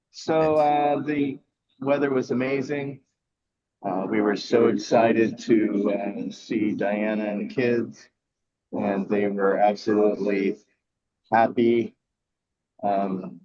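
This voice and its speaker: A man reporting in over a call from a headset, halting and full of fillers, with people chattering behind him. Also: lowish voice, flat delivery, a little mellow. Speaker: event organizer reporting in. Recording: muffled headset line with crowd behind.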